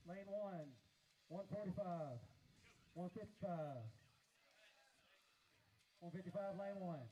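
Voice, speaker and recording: A man's voice: sits high, warm tone, rough recording. Man rattling off weights like an auctioneer. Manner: rapid-fire number calling like an auctioneer. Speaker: meet announcer calling weights. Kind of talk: live event announcing. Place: outdoor strongman meet.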